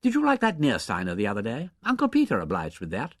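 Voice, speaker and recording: A man's voice: mid-range voice, huge pitch swings, quick pace, dry recording, studio quality. A man voicing a flippant young aristocrat who teases lightly. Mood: teasing. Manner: flippant, teasing.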